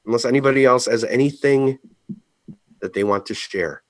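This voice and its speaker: A man's voice: medium pitch, normal speed, dry recording. A man hosting a casual live video chat over a call, laid-back and teasing, often chuckling. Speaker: host.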